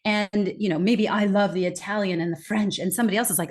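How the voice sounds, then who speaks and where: An American woman, a guest expert, answering interview questions conversationally and acting out quoted reactions with lively bursts. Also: medium pitch, a little fast. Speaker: guest expert on accents and communication.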